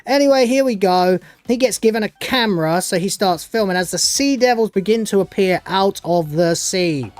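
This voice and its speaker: A man's voice: high-pitched, expressive, normal speed, few pauses, darkish tone, dry recording. A man giving a casual spoken recap of a TV episode as a reviewer, sarcastic and dismissive, rambling with many fillers. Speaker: show reviewer.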